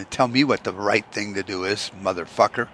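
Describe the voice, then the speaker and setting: A man's voice: fairly low pitch, moderate pace, sharp tone, a little hiss or hum. A man hosting his own podcast, ranting in a sarcastic, profane, rambling monologue. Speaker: podcast host.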